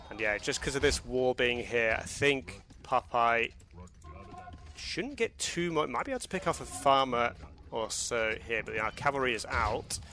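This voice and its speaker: A man casts a strategy game match live in a loose, rambling way, chuckling between thoughts. His voice is sharp and bright, neither high nor low. Soft music plays faintly underneath. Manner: casual, rambling, often laughing. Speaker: esports commentator.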